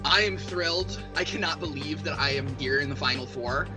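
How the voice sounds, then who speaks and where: A man's voice: fairly high pitch, fairly quick, over music. A man competing on an online game show, talking earnestly about the vote and his rivals. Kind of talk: confessional talk to camera. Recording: muffled, dull lo-fi audio.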